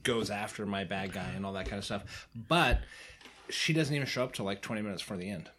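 A man hosting a podcast in casual chat, telling stories in a relaxed way and acting out quotes. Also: lowish voice, fairly quick, a little hiss or hum. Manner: relaxed storyteller, acts out quotes.

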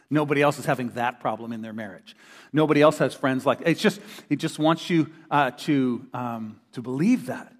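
A middle-aged man preaching a sermon to a congregation in a church hall, an animated storyteller who acts out the voices of the people he quotes. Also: mid-range voice, normal speed. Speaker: pastor. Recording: long reverb of a large hall.

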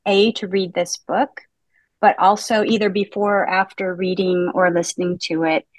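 A woman co-hosting a book podcast, speaking in a measured way and wrapping up the show. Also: on the low side, little pitch movement, dry recording. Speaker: podcast co-host. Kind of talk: casual book-club chat.

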